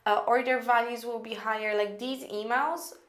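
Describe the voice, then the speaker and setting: A woman teaching copywriting in a casual, chatty way, thinking out loud with lots of fillers as she walks through an email draft. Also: fairly high pitch, steady tone, moderate pace, roomy sound. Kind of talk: casual screen-recorded lesson.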